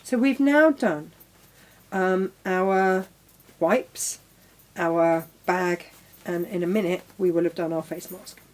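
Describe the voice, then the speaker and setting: A middle-aged woman, the host of a crafting show, speaks slowly in a lowish voice during a live sewing demonstration. She chats casually, talks to her tools, and exclaims as she works.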